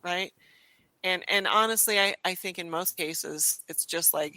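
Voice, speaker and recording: Young woman on a podcast, bright tone, dry close sound, tells stories with lots of you knows. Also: on the low side, measured pace, no echo, low-quality recording. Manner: animated storyteller, frequent restarts and "you know". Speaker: podcast guest. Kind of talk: casual conversation.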